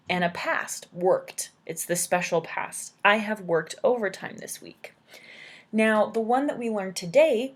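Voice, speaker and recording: A woman teaching an English grammar lesson, explaining patiently and checking in with "right?" as she goes. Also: on the low side.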